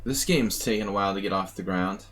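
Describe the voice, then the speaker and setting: A man's voice: fairly low pitch, fast talker, a bit bright. A man streaming a chess simul, thinking aloud in a muttering, self-mocking way. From United States. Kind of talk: live commentary while playing.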